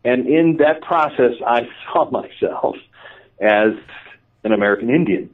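A man, a radio interview guest, telling a personal story in a lively, self-mocking way and acting out the dialogue. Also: mid-range voice, measured pace, recorded from a distance. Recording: tinny phone line, off-mic.

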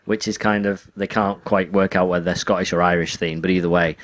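A man's voice: deep voice, steady tone, fairly quick, dry recording. A man from England in casual podcast chat, telling stories with dry asides.

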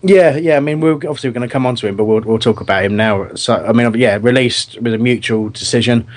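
A man's voice: medium pitch, fast. A man hosting a casual fan podcast, talking in a rambling, hesitant way with many restarts. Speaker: podcast host.

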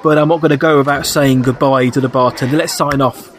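A man's voice: medium pitch, steady tone, fast, a little hiss or hum. A man co-hosting a podcast in casual, enthusiastic chat, often laughing. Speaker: podcast co-host.

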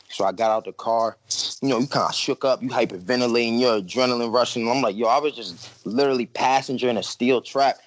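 A man's voice: mid-range voice, fast, no room sound, low-quality recording. Slangy young man telling a wild story. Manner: profane slangy storytelling, acts out his own quotes. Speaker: podcast guest telling a story. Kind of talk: casual storytelling chat.

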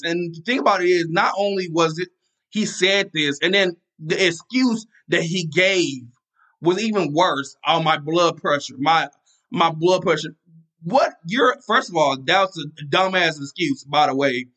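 Heated podcast host, bright and fiery. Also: male voice, on the high side, unhurried. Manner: angry, repetitive, many restarts and fillers. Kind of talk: casual solo podcast rant.

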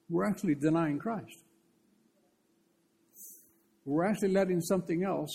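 A man preaching a conversational sermon, telling stories in a lively, earnest way. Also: sits high, vocal fry, husky.

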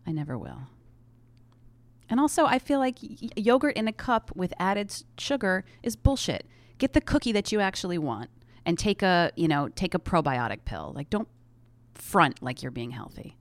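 Low-voiced blunt woman, lively pitch. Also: moderate pace, no echo. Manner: blunt, swearing, laughing. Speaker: podcast co-host. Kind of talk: casual banter.

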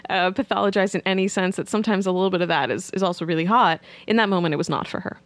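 A woman's voice: mid-range voice, racing, no room sound. A woman psychotherapist, a podcast guest, candidly telling a story about her clients. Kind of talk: podcast interview.

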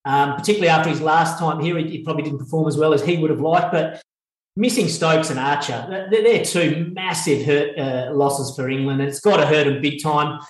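A man with an Australian accent, a former cricketer, giving measured, thoughtful views in a casual podcast chat. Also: fairly high pitch. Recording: roomy echo on the voice.

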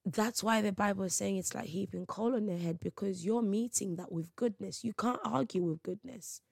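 Emphatic woman with gravelly voice. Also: medium pitch, moderate pace, a little mellow, dry recording. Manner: emphatic, preachy, slangy storytelling. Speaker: podcast host. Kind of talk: faith podcast monologue.

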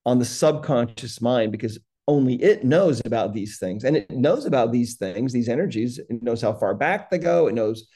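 A man, a guest, calmly explaining a healing method step by step in conversation. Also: mid-range voice, moderate pace, few pauses, husky. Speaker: guest, energy healing practitioner.

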